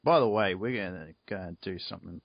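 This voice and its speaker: A man co-hosting a fan podcast, chatting casually with relaxed, brief remarks. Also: sits low, fast talker, gravelly, husky, no echo. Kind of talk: casual chat. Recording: dry dull lo-fi recording.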